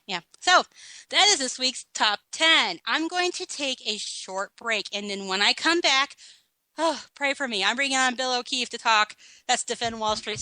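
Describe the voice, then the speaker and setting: Woman talk host, sarcastic and blunt, bright tone, close dry mic. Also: a little high, no echo, low-quality recording. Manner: sarcastic, blunt, laughing at her own list. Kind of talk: opinionated political commentary.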